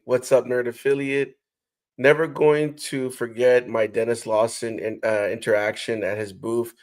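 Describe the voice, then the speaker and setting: Upbeat man reading livestream chat. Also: mid-range voice. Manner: upbeat, greets viewers, reads comments aloud.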